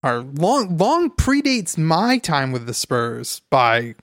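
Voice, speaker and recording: A man co-hosting a casual podcast, talking in halting, rambling sentences full of fillers. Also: a little high, sing-song, a bit bright, dry recording, studio quality. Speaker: podcast co-host. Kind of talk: casual chat.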